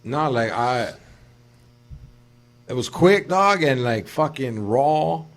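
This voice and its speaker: A man's voice: mid-range voice, expressive, slow pace, fairly bright tone. A man telling a crude story in casual chat, rambling and slangy, full of fillers. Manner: slangy, rambling, heavy with fillers like dog and fool.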